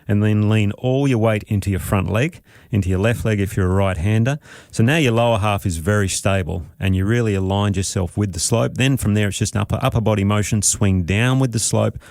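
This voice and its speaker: An Australian man co-hosting a golf podcast, laid-back and quick to laugh, walking through a technique in plain instructive terms. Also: lowish voice, vocal fry, a little mellow, dry recording, clean studio sound. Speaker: golf co-host and coach. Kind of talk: casual podcast chat, explaining technique.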